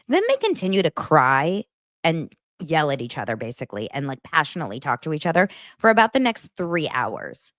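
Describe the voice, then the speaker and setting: A woman's voice: deep voice, sing-song, normal speed, a bit bright, no room sound, studio quality. A woman hosting a podcast, recapping a reality show in casual, gossipy chat with sarcastic asides.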